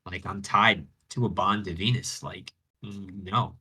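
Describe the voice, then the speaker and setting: A man's voice: sits low, steady tone, measured pace, bright, forceful tone, breathy edge, distant mic, heavily acted. A man doing a curt, dismissive goddess. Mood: refusing. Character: reluctant queen goddess, female.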